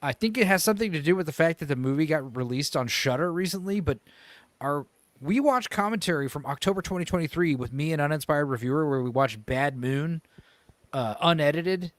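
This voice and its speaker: A man hosting a casual podcast, chatting about movies in a rambling way, with many pauses and self-corrections. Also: on the high side, lively intonation, no echo. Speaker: podcast host.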